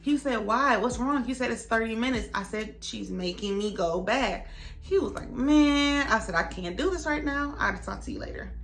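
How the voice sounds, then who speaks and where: A young woman vlogger telling a story in a casual, animated way, acting out the other people's lines. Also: a little high, moderate pace, soft background music. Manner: animated, dramatic retelling with voices for others.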